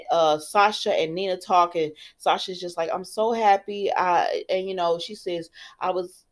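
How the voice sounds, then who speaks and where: A woman casually retelling a soap opera episode in a rambling, chatty way, quoting the characters' lines. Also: on the low side. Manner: chatty, rambling, with many fillers and quoted dialogue. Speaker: soap opera recap host. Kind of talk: casual spoken recap.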